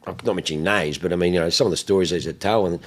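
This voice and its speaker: An Australian man with a low-pitched voice talks rapid-fire as he hosts a podcast. In casual chat, he rambles through profane stories, laughing along the way.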